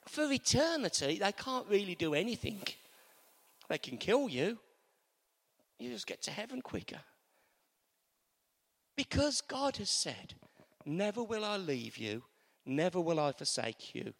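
Animated preacher in a reverberant church. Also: male voice, sits high, unhurried, gravelly, pauses often. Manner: animated, repetitive call-and-response with congregation. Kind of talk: sermon.

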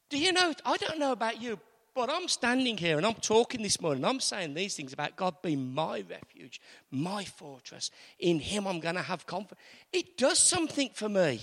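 A man preaching a sermon in a church, slowing down to declaim prayers with emphasis. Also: high voice, fairly bright tone, long reverb tail.

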